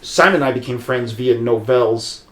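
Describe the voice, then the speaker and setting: A man speaks at an ordinary mid pitch, telling a long personal story in a loose, rambling way. He keeps restarting sentences and filling gaps with "like" and "um". The room rings with a noticeable echo. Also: normal speed. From USA. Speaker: podcast guest, martial arts practitioner. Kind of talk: casual storytelling conversation. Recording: roomy echo.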